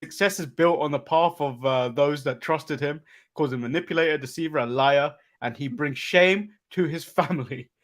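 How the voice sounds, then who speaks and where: A man from England with an English accent, co-hosting a podcast and recapping wrestling step by step with frequent "uh" pauses and chuckles. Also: fairly high pitch. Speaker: podcast co-host. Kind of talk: casual wrestling recap chat.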